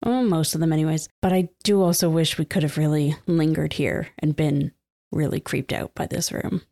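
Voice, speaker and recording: A woman's voice: sits low, steady tone, moderate pace, gravelly, warm tone. A woman co-hosting a casual book-discussion podcast, enthusiastic and laughing often. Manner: enthusiastic, laughs often, reads passages aloud. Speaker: podcast co-host. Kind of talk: casual book-club chat.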